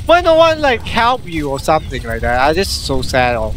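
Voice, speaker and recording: A man playing a team game online, shouting and pleading at his teammates and repeating himself, in broken English. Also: fairly high pitch, huge pitch swings, moderate pace, a little hiss or hum. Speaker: gamer streaming team play. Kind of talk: excited gameplay chatter.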